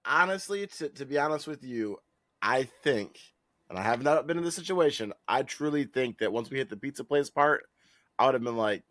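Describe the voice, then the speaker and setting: A man co-hosting a podcast talks in a loose, profane way and jumps into higher, louder tones when he acts out other people. His usual pitch is mid-range for a man. The recording is dry and close-miked. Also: lively intonation, a little fast, dry recording. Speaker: podcast co-host. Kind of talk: casual chat.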